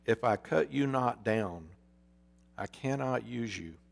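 A man voicing the grave, loving master of a garden in a storybook parable, speaking low. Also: measured pace, darkish tone, in a large hall, close to an everyday voice.

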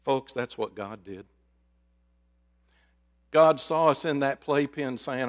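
A man preaching a sermon, swinging between loud emphasis and hushed, drawn-out words. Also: medium pitch. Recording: reverberant hall.

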